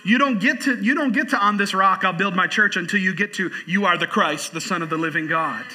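A man's voice: high-pitched, brisk, bright, forceful tone, poor audio. A man pastor preaching a sermon in church, repeating phrases for emphasis and reading a quote aloud.

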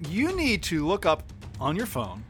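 A man's voice: on the high side, huge pitch swings, measured pace, a bit bright, soft background music. A man co-hosting a podcast in casual chat, often laughing through his lines. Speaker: podcast co-host.

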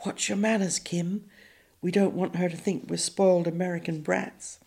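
A woman's voice: medium pitch, slow pace, gravelly. A woman reading an audiobook, voicing an awkward, sleepy American teenage boy who hesitates. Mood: hesitant.

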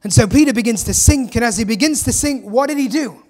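A man with an English accent, a pastor delivering an earnest, emphatic sermon in church with dramatic pauses. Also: very high-pitched. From England.

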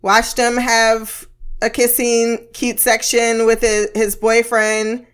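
A woman's voice: on the high side, monotone, slow pace, clear, resonant tone. A woman giving a casual, blunt recap of a TV episode, swearing freely and laughing often between remarks. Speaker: TV episode reviewer.

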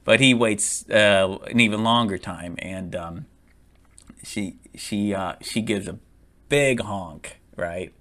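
A man's voice: lowish voice, slow, fairly bright tone. A man casually reviewing a movie, rambling with lots of fillers, restarts and frequent laughs.

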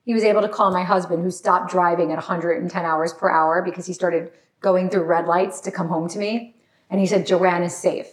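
A woman's voice: fairly low pitch, fairly even intonation, brisk. Woman on a podcast telling a scary story, teary and sorry-sounding, keeps restarting. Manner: tearful, apologetic, restarts often. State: crying at times. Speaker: guest. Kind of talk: emotional personal story in a podcast conversation.

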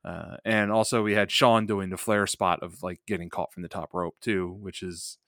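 Podcast co-host, male, low voice, rambly and animated, dry booth sound. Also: normal speed, dry recording. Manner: animated, rambling with many fillers. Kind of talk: casual chat reviewing a wrestling match.

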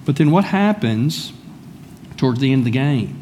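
A man's voice: mid-range voice, expressive, moderate pace, mellow, slight background noise. A man preaching a sermon in a church, speaking conversationally and calling on listeners by name. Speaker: pastor.

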